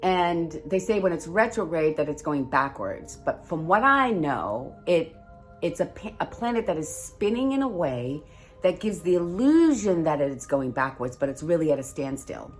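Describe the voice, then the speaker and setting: Woman, lowish voice, chatty and rambling, encouraging spiritual advice, faint music behind. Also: big pitch swings, moderate pace. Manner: rambling, chatty, with fillers and restarts. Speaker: host reading oracle cards. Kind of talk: casual spiritual vlog chat. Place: at home by a fire.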